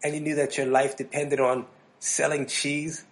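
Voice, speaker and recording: A man's voice: fairly high pitch, flat delivery, normal speed. A man from New Jersey co-hosting a podcast, telling rambling stories in casual chat and slipping into playful voices. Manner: rambling storyteller who slips into playful character voices. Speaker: podcast co-host.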